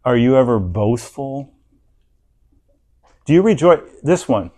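Animated conversational male preacher. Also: medium pitch, slow. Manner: animated, conversational, acts out inner thoughts; leads the congregation in reading aloud. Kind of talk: sermon.

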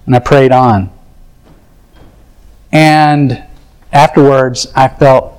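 A man's voice: a little high, slow, long pauses, a little mellow, poor audio. A man preaching a sermon, telling a personal story in an earnest, confessional way and acting out his own thoughts.

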